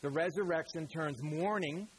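A man preaching a sermon as pastor, animated and conversational, with a Southern American accent, sometimes dropping to quiet emphatic lines. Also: a little high, normal speed, a little hiss or hum, low-quality recording.

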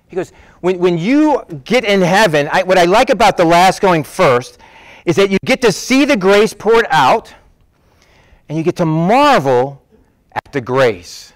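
Casting note: middle-aged male pastor, high voice, dry close sound, chatty sermon delivery. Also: dry recording. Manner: conversational preaching, acts out quoted voices.

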